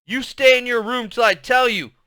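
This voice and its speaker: A firm, no-nonsense mother from a storybook, commanding and plainspoken, as a man reads her lines. Her voice stays bright and smooth, close and dry. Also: mid-range voice, expressive, moderate pace, no echo. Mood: angry. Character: stern, tired mother of many children.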